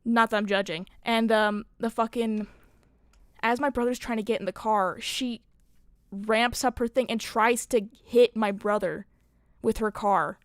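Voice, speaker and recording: A woman's voice: on the high side, steady tone, measured pace, no echo, clean studio sound. Young woman streamer telling a rambling story. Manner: rambling, swears a lot, many fillers.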